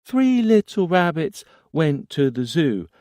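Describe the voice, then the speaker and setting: Tiny boy's voice, high and small, sing-song nursery rhyme chant, eerie, dry close sound. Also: sing-song, warm tone, no room sound. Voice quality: small, childlike voice. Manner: sing-song, reciting without pause. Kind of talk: audiobook character voice.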